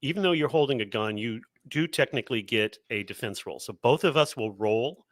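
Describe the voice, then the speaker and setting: A man serves as game master for a tabletop role-playing game and narrates the action. His voice sits in a middle pitch, and his delivery is casual and hesitant, full of small restarts. The recording is dry and close, with no room sound. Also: a little fast, no echo. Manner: relaxed, hesitant, thinks aloud.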